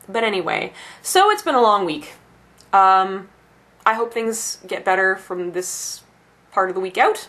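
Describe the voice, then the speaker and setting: A woman's voice: medium pitch, animated, unhurried, a bit bright. A young adult woman ranting casually about her bookstore job, swearing freely and laughing at her own asides. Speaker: bookstore employee.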